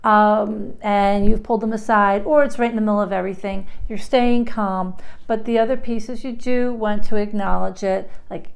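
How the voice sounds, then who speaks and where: A woman's voice: mid-range voice, fairly even intonation, normal speed, creaky. Woman, parenting advisor, casual advice talk, acts out cheerful parent lines. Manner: demonstrates parent lines in bright acted voices. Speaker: parenting advice giver, therapist.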